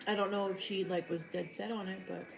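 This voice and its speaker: A woman's voice: medium pitch, fairly even intonation, brisk, creaky, crowd noise. Young woman teasing her partner on a stream. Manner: laughs easily, teasing. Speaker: co-host, partner. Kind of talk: casual chat with a partner.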